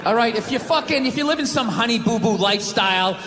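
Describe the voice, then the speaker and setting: High-voiced man shouting in an echoey hall. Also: animated, fast talker. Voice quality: profane, shouty, laughing at his own jokes. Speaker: stand-up comedian. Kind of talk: stand-up comedy set. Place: large venue with live crowd. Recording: echoey live hall with crowd noise.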